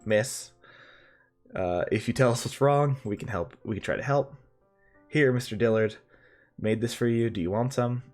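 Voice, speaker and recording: A man voicing a gentle, concerned man in a business suit who speaks softly and hesitantly. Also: mid-range voice, normal speed, pauses often, soft background music, lightly acted.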